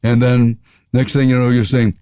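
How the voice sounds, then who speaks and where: A man's voice: mid-range voice, normal speed, darkish tone, slight background noise. Older man, jokey storyteller. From US South. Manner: jokey, playful voices, laughs often. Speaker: radio host guest. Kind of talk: storytelling interview.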